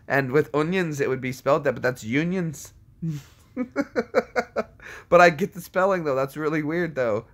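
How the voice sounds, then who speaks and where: A man streams and chats casually, answering viewer comments with jokes, riffing on movie quotes and slipping into silly voices. His voice is medium-pitched and his speed is normal, though he leaves long pauses.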